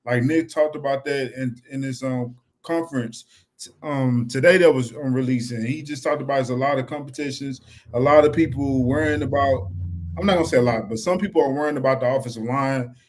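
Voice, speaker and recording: A man's voice: mid-range voice, fairly quick. A young man, chatting casually and animatedly as a fan-show co-host. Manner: animated, repeats "you know what I'm saying".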